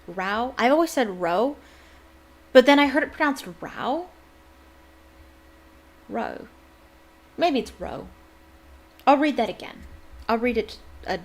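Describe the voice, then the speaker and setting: A woman casually reading a book aloud and breaking off for chatty, giggly asides. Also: fairly high pitch. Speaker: book reader and fan.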